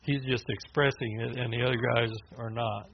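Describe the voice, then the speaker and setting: A man's voice: fairly even intonation, moderate pace. A man preaching a sermon in a loose, conversational way, with restarts and filler words as he explains scripture. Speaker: pastor. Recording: dull low-fidelity sound with faint hiss.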